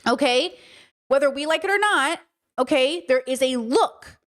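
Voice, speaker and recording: A woman's voice: high-pitched, expressive, moderate pace, a bit bright. A woman hosting a commentary livestream, talking emphatically and asking her audience rhetorical questions. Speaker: streamer host.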